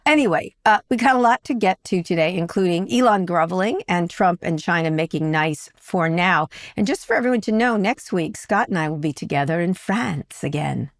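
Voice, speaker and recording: Gravelly low woman, blunt co-host. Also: expressive, normal speed, hardly any pauses, no room sound, studio quality. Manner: blunt and opinionated. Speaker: podcast co-host. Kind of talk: casual chat.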